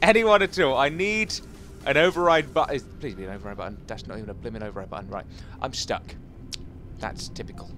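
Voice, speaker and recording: A man giving jokey, excitable commentary as he plays a video game, chatting to his viewers and taunting enemies. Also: mid-range voice, fast, noisy background. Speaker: gaming YouTuber. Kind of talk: casual Let's Play commentary.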